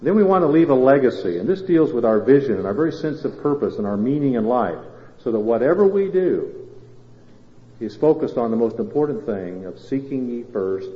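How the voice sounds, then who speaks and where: Pastor guy preaching, loud then quiet, keeps asking the crowd questions, big echoey church, kinda muffled recording. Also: mid-range voice, expressive, a little fast. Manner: swings between loud emphatic and quiet intimate phrasing, asks the congregation questions. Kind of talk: sermon. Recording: roomy hall reverb, dull lo-fi sound.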